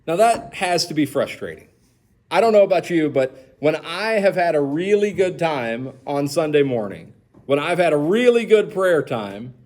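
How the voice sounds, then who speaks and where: A man leading a church Bible study, animated and asking the group questions. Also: a little high. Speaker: pastor.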